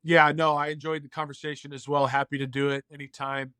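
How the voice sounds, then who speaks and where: A man's voice: fairly high pitch, level tone, quick pace. Earnest man in his fifties telling stories. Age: 50s. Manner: earnest storyteller, warm and reflective. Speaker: podcast guest. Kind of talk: casual conversation.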